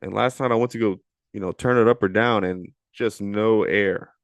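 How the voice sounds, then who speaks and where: Rambling, giggly man with a low voice. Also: fairly even intonation, normal speed, gravelly, dry recording, clean studio sound. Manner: rambling, giggly, profane, self-deprecating. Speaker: podcast host. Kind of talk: casual solo intro.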